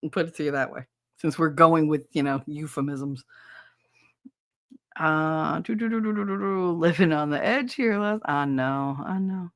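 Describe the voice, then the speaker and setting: A woman with a lowish voice chats loosely with her live-stream viewers, blunt and crude and quick to laugh. Her voice sits close and dry on the mic, with no room around it. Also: no room sound. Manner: candid, crude and giggly, chatting to viewers. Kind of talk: casual live-stream chat.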